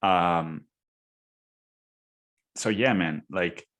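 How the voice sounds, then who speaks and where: A young man hosting a podcast, telling a story in casual chat, swearing a lot and calling the listener dude and man, and acting out quoted people with sudden high yells. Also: extremely slow. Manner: profane, slangy, says dude and man a lot; acts out quoted voices with sudden high yelling. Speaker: podcast host.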